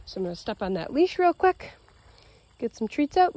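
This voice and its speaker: A woman dog trainer explaining leash walking while praising her dog in a bright, high voice outdoors. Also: big pitch swings, fairly quick. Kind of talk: narrating a leash-training demo.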